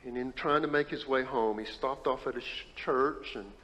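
A man's voice: mid-range voice, normal speed, dull audio. Man preaching in a reverberant hall. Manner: storytelling, swings from hushed to emphatic. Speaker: pastor. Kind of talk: sermon. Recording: reverberant hall, faint ambience.

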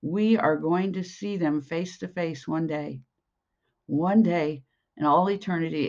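Slow earnest podcast preacher, dull sound. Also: mid-range voice, a little mellow. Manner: slow, earnest, reads scripture aloud. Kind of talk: devotional sermon.

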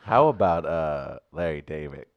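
A man's voice: rumbling low, animated, unhurried, no room sound, dull audio. A man co-hosting a casual podcast, joking around and trying out impressions. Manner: jokey, tries voices and impressions. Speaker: podcast co-host. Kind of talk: casual chat. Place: St. Louis.

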